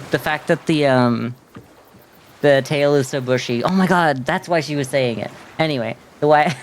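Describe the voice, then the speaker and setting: A man's voice: medium pitch, a little hiss or hum. Giggly, rambling male game streamer. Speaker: streamer playing a video game. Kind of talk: casual game commentary.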